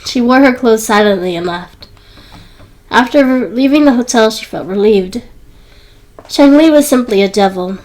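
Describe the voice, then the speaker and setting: A woman's voice: a little high, expressive, moderate pace, long pauses, a little mellow, poor audio. A woman reading a romance novel aloud as an audiobook narrator, raising her voice for the quoted characters. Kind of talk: scripted narration.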